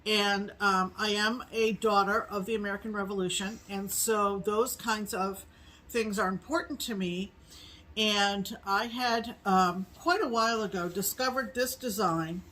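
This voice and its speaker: Casting: middle-aged woman co-host, unhurried, meandering with ums, from New England. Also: mid-range voice, steady tone, pushed and bright, rough recording. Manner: slow, rambling with many ums. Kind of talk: casual chat.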